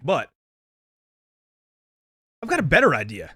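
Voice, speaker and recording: Chatty man with a slightly high voice. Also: sing-song, moderate pace, no room sound. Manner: laughs easily, stammers and repeats himself. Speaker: podcast co-host. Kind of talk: casual movie review chat.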